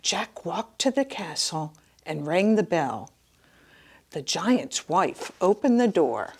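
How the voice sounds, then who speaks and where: Children's librarian, middle-aged woman, unhurried and lively storytime reader who drops to whispers. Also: lowish voice, breathy edge. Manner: animated, slipping into hushed whispers and gasps. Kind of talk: reading a picture book aloud to children.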